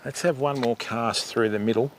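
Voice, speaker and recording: A man's voice: medium pitch, fairly even intonation, moderate pace, very noisy. A middle-aged Australian man hosting a fishing livestream outdoors, chatting casually with viewers and calling them mate. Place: outdoors by the water.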